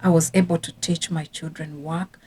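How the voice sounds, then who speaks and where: A woman's voice: deep voice, steady tone, moderate pace, a little mellow, husky. A woman in her thirties working as a parenting coach, giving earnest casual advice with repeated emphasis. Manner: earnest, repetitive emphasis, occasional restarts.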